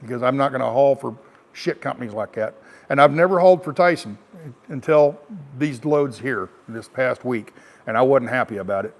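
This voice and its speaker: Rambling, salty American trucker. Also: male voice, mid-range voice, normal speed. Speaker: truck driver vlogger. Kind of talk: casual storytelling to camera.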